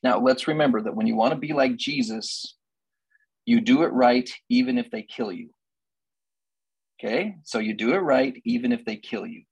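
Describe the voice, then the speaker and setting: Male relationship counselor, husky, dry close sound, emphatic lecturer who repeats and questions. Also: mid-range voice, no room sound, dull audio. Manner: emphatic, asks many rhetorical questions; repeats key lines for emphasis. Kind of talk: faith-based relationship lecture.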